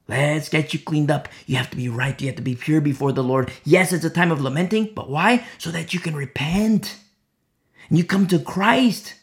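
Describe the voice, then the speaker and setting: A man preaching a Bible sermon, repeating key phrases and swinging between loud emphatic peaks and hushed asides. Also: a little high, lively intonation, brisk.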